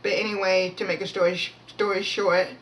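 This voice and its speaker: A woman's voice: medium pitch, little pitch movement, a little fast. A woman gives a loose, rambling devotional talk and prays aloud, restarting sentences and raising her voice. She sits some way back from the mic, and a faint hiss runs under her. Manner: rambling, many restarts, pushes to speak loud. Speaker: devotional video speaker. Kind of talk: casual devotional talk with prayer. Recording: voice from far off the mic, faint noise.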